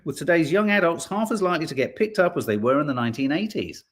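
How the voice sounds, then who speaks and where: A man hosts a podcast in a loose, chatty way. His mid-pitched voice swoops up and down a lot as he reads headlines and drops in teasing jokes. He comes from Birmingham. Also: big pitch swings, a little fast, fairly bright tone. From Birmingham, England. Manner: jokey, playful, teasing asides. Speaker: podcast host. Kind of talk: casual chat reading out headlines and viewer comments.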